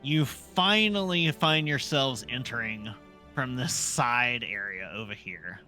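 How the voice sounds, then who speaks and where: A man narrating a tabletop role-playing game as dungeon master, setting scenes in an unhurried, descriptive way. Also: mid-range voice, sharp tone, soft background music.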